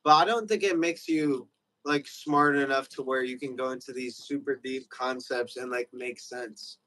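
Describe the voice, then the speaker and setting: A man's voice: mid-range voice, steady tone, normal speed, pushed and bright, low-quality recording. A young man hosting a livestream, rambling loosely in casual chat with lots of fillers. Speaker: livestream host.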